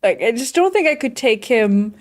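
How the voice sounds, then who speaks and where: A woman's voice: on the high side, very animated, moderate pace, a little mellow. A woman co-hosting a casual chat, giggly and laughing through her words, acting out silly quoted voices. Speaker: podcast co-host.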